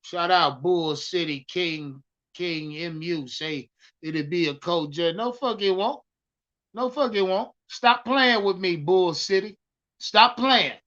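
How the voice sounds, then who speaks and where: A man's voice: high voice, slow, highs cut off. Hyped, profane man ranting to his stream. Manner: loud, hyped, swearing, talks to the chat. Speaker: live stream host. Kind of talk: profane live-stream sports rant.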